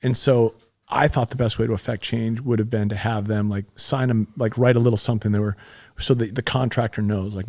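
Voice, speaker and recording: A middle-aged man, a podcast guest, telling a story casually and candidly, swearing freely and getting animated as he recounts it. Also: on the low side, fairly quick.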